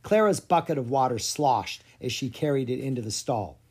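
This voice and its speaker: A narrator reading a children's fantasy chapter book aloud with an expressive delivery. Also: medium pitch, normal speed, breathy edge. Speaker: audiobook narrator. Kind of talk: storybook narration.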